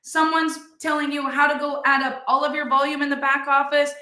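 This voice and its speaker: A middle-aged woman giving a motivational talk, telling animated stories and acting out what others say, with "like" in nearly every sentence. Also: high-pitched, brisk. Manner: animated storytelling, acts out other people's lines; says "like" constantly. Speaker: motivational speaker and business leader. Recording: roomy echo.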